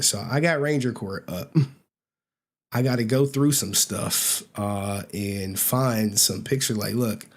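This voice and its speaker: A man's voice: mid-range voice, slightly rough. A young man hosting a livestream, rambling casually with slang and swearing and laughing often. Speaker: livestream host.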